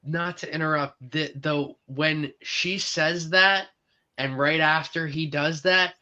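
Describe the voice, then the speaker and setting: A man's voice: a little high, fairly even intonation, slow pace, pushed and bright, muffled recording. A man in a casual film discussion, speaking with enthusiasm and often stumbling and restarting his sentences. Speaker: movie reviewer co-host.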